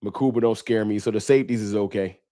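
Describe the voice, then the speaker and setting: A man hosting a fan livestream, talking trash in a preachy, animated way and reading viewer chats aloud. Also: fairly low pitch, quick pace. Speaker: sports fan show host.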